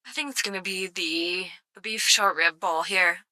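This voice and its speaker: A woman's voice: lowish voice, moderate pace, pushed and bright, no echo. A woman live-streaming casual commentary, sarcastic and swearing freely with mock outrage.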